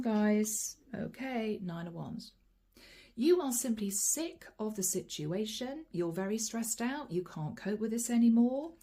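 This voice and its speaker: A woman's voice: on the high side, dark tone. A woman giving a channeled tarot reading, talking straight to her viewers and naming each card as she draws it, with frequent sighs and asides. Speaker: tarot reader.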